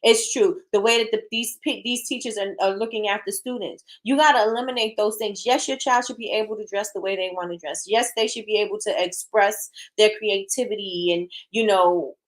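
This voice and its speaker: Woman, talk show host, blunt, emphatic, repeats herself, casual opinion chat, mid-pitched voice. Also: brisk, few pauses. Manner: frank and blunt.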